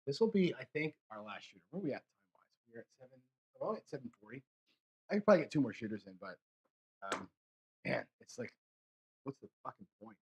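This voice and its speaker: A man with a husky, slightly breathy voice at an ordinary pitch calls out dice rolls in casual live commentary. He mutters and swears in frustration, talking straight to his viewers between throws. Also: darkish tone. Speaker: craps streamer.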